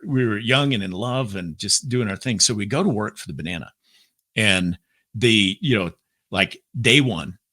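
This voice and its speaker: Man with a forceful, bright voice telling a story. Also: medium pitch, dry recording, studio quality. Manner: lively storyteller who acts out his own quotes; talks in bursts with many fillers and restarts. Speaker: podcast guest. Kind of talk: casual storytelling interview.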